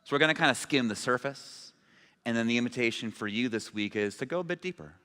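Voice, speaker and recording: A man's voice: medium pitch, animated, fast talker, sharp tone, clean tone. A man preaching a sermon as pastor, in a conversational, informal way with asides. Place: church sanctuary. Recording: long reverb of a large hall.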